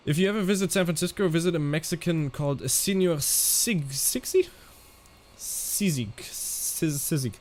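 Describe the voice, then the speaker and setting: A man streaming a flight simulator, chatting casually in a halting way and answering viewers' questions as he flies. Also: a little high. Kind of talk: casual live-stream commentary.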